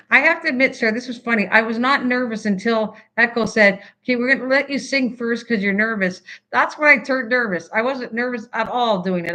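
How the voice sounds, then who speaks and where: A woman's voice: on the high side, bright, forceful tone. Chatty older woman crafting. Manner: chatty, rambling, stops mid-sentence and restarts. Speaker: host of a crafting livestream. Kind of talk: casual craft demonstration chatting with viewers.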